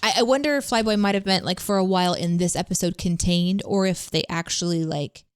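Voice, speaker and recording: A woman's voice: lowish voice, fairly quick, clear, resonant tone, dry recording, clean studio sound. A woman co-hosting a podcast in casual chat, reading out listener comments. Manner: chatty, reads listener comments. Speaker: podcast co-host.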